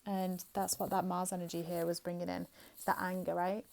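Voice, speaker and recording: Soothing woman with a flat mellow voice. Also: on the low side, brisk, gravelly. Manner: flowing, soothing, frequent "um" and "right?". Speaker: spiritual card reader. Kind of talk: casual spiritual talk with card reading.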